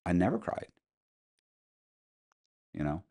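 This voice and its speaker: A man's voice: low voice, huge pitch swings, slow, creaky, warm tone. A man as an interview guest, telling personal stories in a matter-of-fact, rambling way with frequent restarts. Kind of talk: casual storytelling interview.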